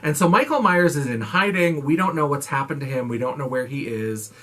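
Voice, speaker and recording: A man recapping a horror movie in a casual, animated way, swearing freely and acting out lines from the film. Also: on the high side, brisk.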